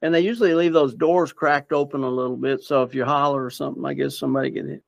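Gravelly-voiced man telling his story. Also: mid-range voice, fairly even intonation, fast, dry recording. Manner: earnest, rambling, with many fillers and restarts. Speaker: interviewee sharing personal story. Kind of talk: casual personal storytelling.

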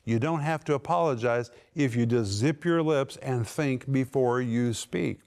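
Emphatic male preacher with a smooth voice. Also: medium pitch, a little mellow. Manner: emphatic, slows down to stress words. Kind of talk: sermon teaching.

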